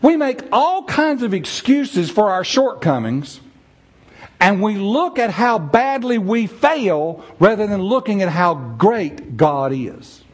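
Preaching in a church, this man is animated and does the voices of the people he quotes. His voice is high and his pace slow.

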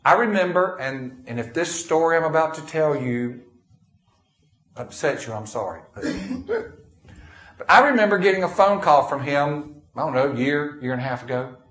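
A man preaches in an echoey church, his voice sitting a little higher than most men's. He tells homespun stories between readings of King James scripture. The room's reverb hangs behind every line. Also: moderate pace, fairly bright tone. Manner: folksy storytelling, reads scripture in King James wording. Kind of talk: sermon. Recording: echoey room.

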